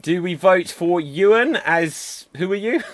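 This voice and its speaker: Upbeat male host, a bit higher-pitched, running an improv stream. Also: expressive, slow, no room sound. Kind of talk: livestream hosting.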